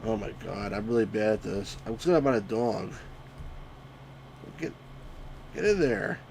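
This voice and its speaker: A man streaming a retro game live, commenting excitedly, shouting at the on-screen sheep and greeting chat viewers. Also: fairly low pitch, normal speed, vocal fry, a little hiss or hum. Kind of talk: live let's-play commentary.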